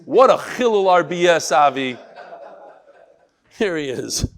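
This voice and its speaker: A man teaches a daily religious class in a lively, exclaiming way. His voice sits a little high. He talks with energy and mixes in words from Yiddish and Hebrew. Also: measured pace. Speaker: daf yomi teacher. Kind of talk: lively Torah class talk.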